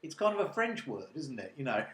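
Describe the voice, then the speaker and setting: A man recounts a local tale in a loose, chatty way, drifting into asides as he goes. His voice sits at an ordinary middle pitch. The room around him is roomy and echoey. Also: big pitch swings, brisk, fairly bright tone. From Britain. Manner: rambling, digressive, chatty. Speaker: local online news journalist. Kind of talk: casual storytelling monologue.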